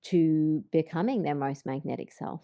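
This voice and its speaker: A woman hosting a conversational interview, reflective in tone, her voice often softening and trailing off at the ends of her phrases. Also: deep voice, normal speed, creaky. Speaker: podcast host.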